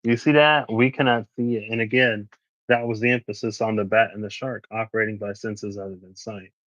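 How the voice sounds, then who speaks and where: A man's voice: fairly low pitch, fairly even intonation, a little fast, a bit bright, dry recording, lo-fi sound. A man reading tarot for a casual vlog, chatting and musing as he reads card meanings aloud. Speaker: tarot reader.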